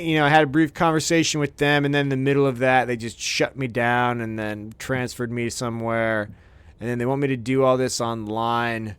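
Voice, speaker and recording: Male podcast host, 30s, profane rambling ranter, smooth clear voice, dry close mic. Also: medium pitch, fairly bright tone, dry recording. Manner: profane, rambling, worked-up ranting. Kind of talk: comedic ranting monologue. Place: studio.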